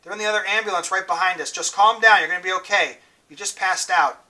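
A calm, kindly grown man speaks softly and steadily to a hurt boy in a storybook scene, as a man reading aloud puts him on. The tone is gentle yet bright. The voice comes from a little away from the mic. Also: high voice, quick pace, far from the mic, poor audio. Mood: reassuring. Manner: soft, reassuring.

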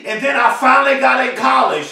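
A man giving a fiery, repetitive motivational speech, often shouting. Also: very high voice, a little fast, vocal fry, heavy reverb, recorded from a distance, a little hiss or hum. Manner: fiery, emphatic preaching cadence with repetition. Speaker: motivational speaker.

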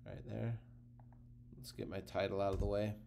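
A man with a fairly low, gravelly voice walks through a software tutorial in a relaxed, offhand way. He thinks aloud as he clicks around, and a faint hum sits under the recording. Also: normal speed. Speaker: tutorial host.

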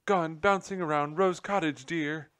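A man's voice: normal speed, dry recording, natural voice. A man reading aloud and voicing an anxious, fussing female mouse housewife in a raised, fluttery voice. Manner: high fluttery worried voice.

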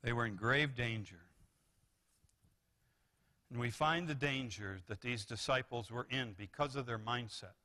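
Bright-voiced, animated male pastor preaching. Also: mid-range voice, unhurried, long pauses. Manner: animated preaching with rises and repeated restarts. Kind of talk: sermon. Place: church sanctuary.

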